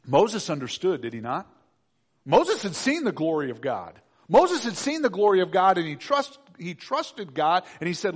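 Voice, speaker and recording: A man preaching a sermon in an animated way, acting out the complaining voices of the people in the story. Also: sits high, normal speed, slightly rough.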